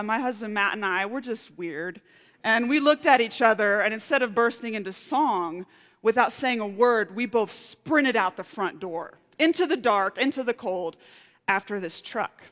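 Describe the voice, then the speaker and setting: A woman preaching a sermon, telling a personal story with lively, animated outbursts. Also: on the high side, moderate pace. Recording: reverberant hall.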